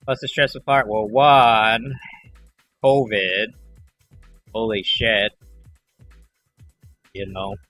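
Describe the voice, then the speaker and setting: A man hosting a livestream, chatting casually in a rambling way and acting out callers in animated voices. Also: lowish voice, extremely slow, long pauses, faint music behind. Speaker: livestream host.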